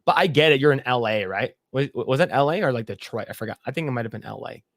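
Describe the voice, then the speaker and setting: A man's voice: medium pitch, lively intonation, fast, fairly bright tone, no room sound, studio quality. A man hosting a casual podcast, reading chat comments aloud and rambling with frequent swearing and laughter. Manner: rambling, profane, laughs often.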